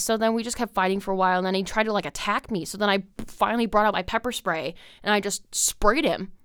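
In a clean studio recording without echo, a young podcast host rambles through a long story, packing it with "like" and frequent swearing. Her medium-pitched voice is smooth and a little fast.

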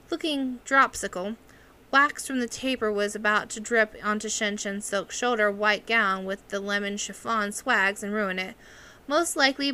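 Bright-voiced woman reading a novel. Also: mid-range voice. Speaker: audiobook reader.

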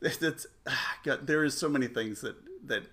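A man's voice: mid-range voice, normal speed, pushed and bright. A man in his forties telling a rambling family story in casual chat, full of restarts and self-mocking humor. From United States.

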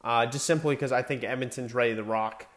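Young male sports talker, casual and chatty, self-correcting, mid-pitch. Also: fairly even intonation, fairly quick, a bit bright. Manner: chatty, self-correcting, stumbles over names. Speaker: sports commentator. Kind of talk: casual hockey playoff predictions.

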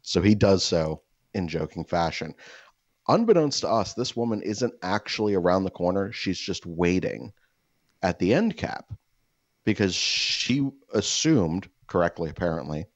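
In a dry, echo-free, slightly dull lo-fi recording made up close, a deep-voiced man spins a wandering, animated story a little slowly. He leans heavily on "like" and "you know" and does mock voices for anyone he quotes.

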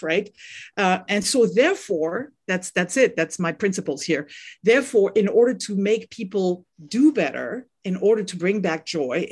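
A woman's voice: medium pitch, slightly rough. A middle-aged woman from France with a French accent, a parenting coach speaking as a podcast guest. She talks earnestly and often repeats words while finding her thought. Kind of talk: podcast interview.

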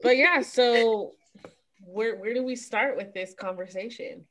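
A woman co-hosting a podcast in casual chat, relaxed and laid-back. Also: on the high side, measured pace. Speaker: podcast co-host.

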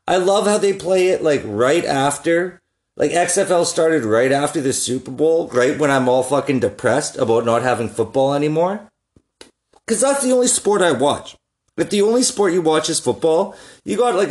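A young man telling rambling, profane stories in a casual solo chat, often laughing at his own jokes. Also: on the high side. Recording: echoey room.

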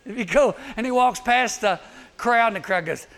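A man preaching a humorous sermon to teenagers, with a high-pitched voice. He is animated, teases his listeners and keeps slipping into quick character voices. His delivery stays lively throughout. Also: gravelly. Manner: animated, acts out quick voices, teasing asides. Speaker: youth camp speaker.

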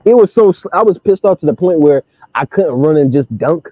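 A young man in casual chat, telling an animated story full of slang and laughter. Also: a little high, fairly quick, dry recording. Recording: dull lo-fi sound.

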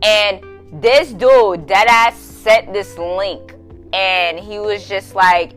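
A young adult woman hosting a podcast, telling a story in a casual, profane, slangy way and laughing loudly, with faint music behind her. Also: medium pitch, extremely slow. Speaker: podcast host.

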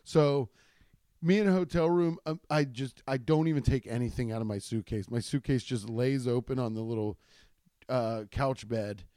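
A man's voice: medium pitch, moderate pace, dark tone, clear, resonant tone, dry recording, studio quality. A man, a stand-up comedian, telling rambling, profane stories in a casual chat with many restarts. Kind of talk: casual storytelling podcast.

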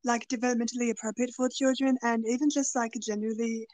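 A woman hosting a podcast interview, speaking casually and hesitantly, often pausing to search for words. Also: on the high side, little pitch movement, a little mellow, no echo. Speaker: podcast host.

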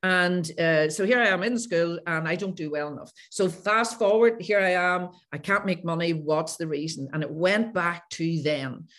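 A woman's voice: lowish voice, moderate pace, few pauses, a bit bright. A woman coach, a podcast guest telling her own stories with animation and acting out past conversations. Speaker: guest, coach who works with clients. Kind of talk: podcast interview storytelling.

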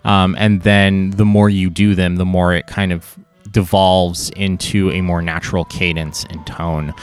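Low-voiced man chatting on a podcast. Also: measured pace, smooth. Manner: relaxed, thinking aloud with fillers. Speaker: podcast game master. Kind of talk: casual podcast chat.

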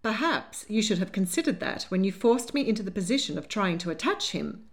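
A woman voicing a spirited young lady who answers in a crisp, indignant way. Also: on the high side, very animated, normal speed, voice pushed up. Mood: defiant.

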